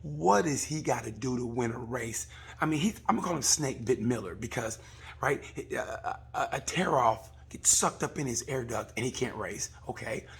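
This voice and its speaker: Rambling, profane man with a very husky voice. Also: mid-range voice, a bit bright. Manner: rambling, profane, acts out voices in quick asides. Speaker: comedian reviewing a motorcycle race. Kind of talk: casual comic monologue.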